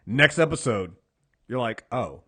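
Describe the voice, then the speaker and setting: A man's voice: on the high side, expressive, a little fast. A man co-hosting a casual TV recap podcast, swearing freely and acting out characters' lines as he talks. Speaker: podcast co-host.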